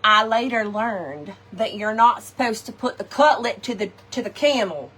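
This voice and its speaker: A woman telling a funny personal story to her viewers in a chatty, animated way, tossing in "y'all" and "okay" often. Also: on the high side, moderate pace, husky, soft background music. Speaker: craft shop host.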